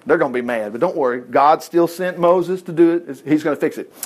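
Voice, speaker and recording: A man reading scripture aloud and breaking in with animated, exclamatory asides, teaching a Bible lesson. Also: fairly high pitch, a little fast.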